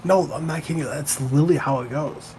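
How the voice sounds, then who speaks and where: A man's voice: on the high side, fast talker, darkish tone, slight background noise, low-quality recording. A man joining a gaming livestream as co-host, telling casual anecdotes and acting out the quoted dialogue. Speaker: stream co-host.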